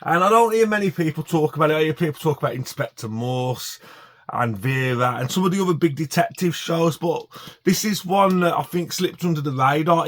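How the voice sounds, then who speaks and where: A man chatting casually to camera about his DVD collection, enthusiastic and full of fillers and restarts. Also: a little high.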